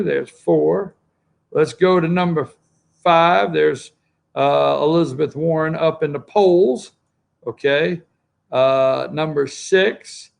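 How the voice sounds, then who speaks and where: Gravelly man hosting morning talk. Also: a little high. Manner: rambling, conversational, talks to producer off-mic. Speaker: host. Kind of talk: opinion talk show commentary.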